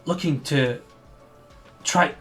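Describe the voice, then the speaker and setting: A man's voice: a little high, slow pace, faint music behind. A man voicing a frail goblin holy man. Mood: earnest. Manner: soft, hesitant, apologetic.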